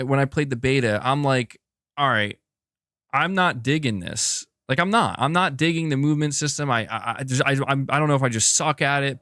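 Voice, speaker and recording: A man's voice: mid-range voice, a bit bright, dry recording. Laid-back gaming youtuber guy talking to chat, cusses a bunch, mid voice, dry close mic. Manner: casual, swears, says dude and bro a lot. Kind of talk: live-stream commentary reading chat.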